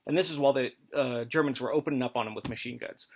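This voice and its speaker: A man's voice: medium pitch, fast talker. A man hosting a comedic history talk, rambling and mock-authoritative with crude jokes. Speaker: host.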